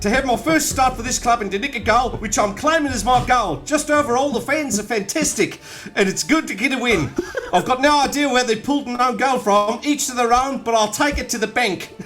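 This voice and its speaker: A man's voice: extremely high pitch, brisk, a bit bright, soft background music, pitched above the performer's own voice. A man doing a comic impression of a cheerful young footballer, in a put-on Australian accent with a Sunderland tinge and a laugh running through the words. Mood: chuffed, cocky. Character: upbeat young male footballer, cheerful and chuffed.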